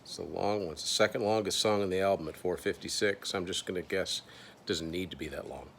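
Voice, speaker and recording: A man with a very low voice talks through an album as he hears it, thinking aloud. His delivery is casual and hesitant, with dry little asides, and a faint hum sits behind him in a home room. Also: fast, gravelly, fairly bright tone. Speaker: host. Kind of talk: casual first-listen album commentary. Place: indoors at home.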